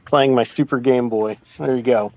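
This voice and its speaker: A man's voice: medium pitch, fairly even intonation, normal speed, darkish tone, muffled recording. A man on a casual panel chat, arguing his points with examples over a remote call. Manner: reasoned, explains with examples. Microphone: headphones trouble, remote call.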